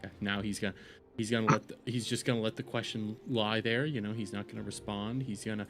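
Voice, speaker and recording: A man's voice: lowish voice, steady tone, background noise. Argumentative man in casual chat. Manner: quick to argue, swears casually. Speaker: streamer.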